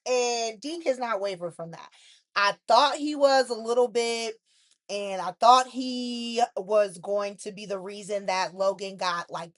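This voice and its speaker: Woman, soap recap host, sassy and opinionated, higher voice, dry recording. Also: no echo. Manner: blunt, sassy commentary with frequent "like".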